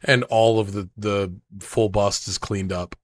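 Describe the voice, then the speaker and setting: A man's voice: lowish voice, steady tone, unhurried. A man co-hosting a podcast, chiming in with profane jokes and stammering interjections. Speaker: podcast co-host. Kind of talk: casual podcast banter.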